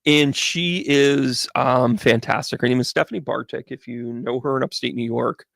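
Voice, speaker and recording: A man's voice: medium pitch, normal speed, creaky, dry recording, clean studio sound. A man hosting a casual livestream as a medium, chatting and rambling through stories with lots of restarts. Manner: rambling, animated, chatty storytelling.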